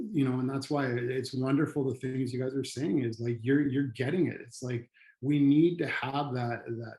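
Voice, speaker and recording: This middle-aged former firefighter, now a trainer on trauma and resilience, recounts something personal with earnest hesitation and many restarts. His voice is medium in pitch and warm, captured with poor audio in an echoey room.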